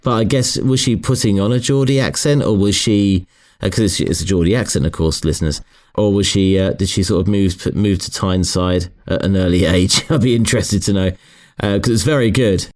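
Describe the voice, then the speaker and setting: A man's voice: deep voice, fairly quick, darkish tone. A middle-aged man co-hosting a casual book podcast, hesitant and often restarting as he searches for words. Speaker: podcast co-host.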